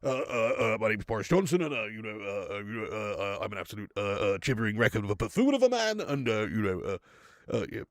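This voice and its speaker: A man's voice: fairly low pitch, very animated, quick pace, no echo, studio quality, voice pushed down. A man doing an impression of a bumbling older male politician, stammering through constant filler sounds. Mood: blustering.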